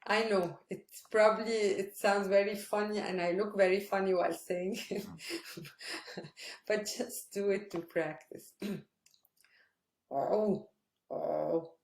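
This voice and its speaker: A woman teaching Arabic pronunciation in an online lesson, patiently repeating sounds slowly for practice. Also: medium pitch, fairly even intonation. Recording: roomy echo.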